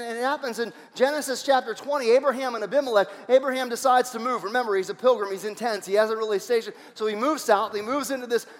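High-voiced pastor preaching in a hall. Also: male voice. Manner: animated, asks the congregation questions, restarts. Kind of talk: sermon. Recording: long hall reverb.

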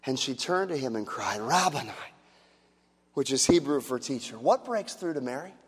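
A man's voice: mid-range voice, expressive, fairly quick, breathy edge. A man preaching a sermon with emphatic repetition and rhetorical questions to the congregation. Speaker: pastor. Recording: echoey hall with long reverb.

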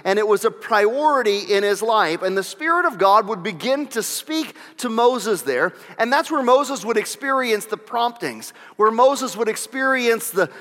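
A man preaches with a high, bright, forceful tone, circling back to key phrases and asking the congregation questions. His voice rings out with a long reverb, as in a big church sanctuary. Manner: emphatic preaching with repeated phrases and rhetorical questions. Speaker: pastor. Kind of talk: sermon. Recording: long reverb of a large hall.

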